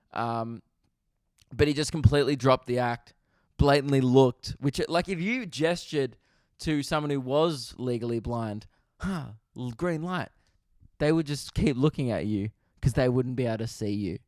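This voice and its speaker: A young Australian man hosting a podcast, telling a comedic story with animated swearing and laughter. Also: medium pitch, no room sound, clean studio sound. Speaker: podcast host.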